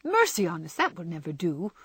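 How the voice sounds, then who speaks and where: A woman's voice: lowish voice, wildly swooping pitch, husky, no room sound, full character voice. A woman reading as a frank, spirited young woman. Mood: brisk. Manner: brisk scolding, softening to tender.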